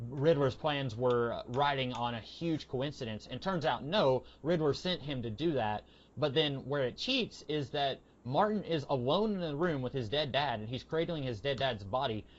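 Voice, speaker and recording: A man's voice: mid-range voice, slight background noise. A man casually reviewing comics on a podcast, rambling with fillers and acting out quoted lines. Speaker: podcast co-host. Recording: dull lo-fi podcast audio.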